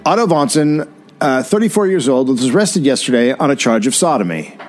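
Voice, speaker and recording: Man reading old news, lively pitch. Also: a little fast, slight background noise. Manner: dry reading, stumbles on hard words. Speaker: podcast host reading old newspaper. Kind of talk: reading aloud with comic asides.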